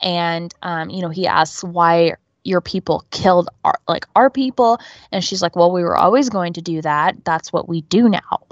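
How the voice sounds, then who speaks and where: Woman, podcast co-host, lowish voice, chatty recap, lots of fillers, lo-fi dull sound. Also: moderate pace, no echo. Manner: chatty, filler-heavy retelling. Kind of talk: casual episode recap.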